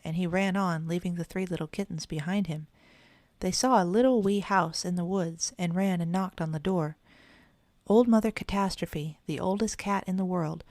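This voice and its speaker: A woman narrating a children's storybook in a steady, gentle read-aloud manner. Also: fairly low pitch, vocal fry, no echo. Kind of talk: storybook reading.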